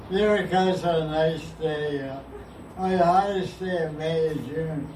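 A teacher explains verses to a group in casual, playful class talk, often laughing and mimicking sounds. His voice is on the high side with a steady tone at normal speed, recorded from far off in an echoey room with background noise.

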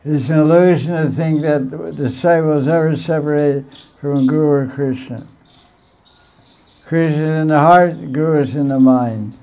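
A man teaching a devotional class, retelling stories in an animated way, repeating phrases and laughing now and then. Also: fairly high pitch. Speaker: spiritual teacher.

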